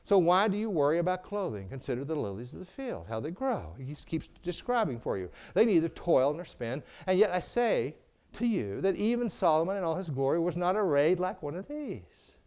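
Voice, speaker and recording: A middle-aged man preaching a sermon, calling for amens and swinging from booming to hushed. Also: very animated, fairly quick. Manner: preaching with call-and-response, asking "Amen?". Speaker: pastor.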